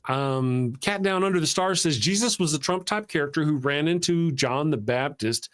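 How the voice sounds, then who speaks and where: A man's voice: a little high, moderate pace, fairly bright tone. Rambling man hosting a live chat stream. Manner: rambling, self-deprecating, reads viewer super chats aloud. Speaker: co-host of a live atheist talk show.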